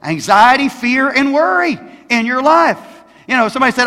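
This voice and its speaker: An older man in his sixties delivers a sermon from the pulpit, his voice pitched very high and bright with a forceful edge. He speaks emphatically, tossing questions out to the congregation. The sound carries a long church reverb. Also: lively intonation, moderate pace. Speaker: pastor. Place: church sanctuary.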